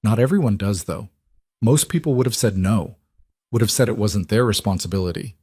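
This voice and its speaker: A man's voice: on the low side, a little fast, dark tone, breathy edge, no room sound, clean studio sound. A man voicing an anxious, grateful single mother in a narrated story, speaking earnestly and emotionally.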